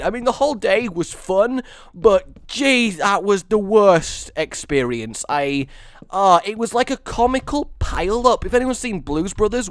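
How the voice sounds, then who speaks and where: A man's voice: sits high, no room sound, clean studio sound. A man casually commentating a building game, rambling and joking at his own expense. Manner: rambling, self-mocking, jokey. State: sore neck. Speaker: gaming video host.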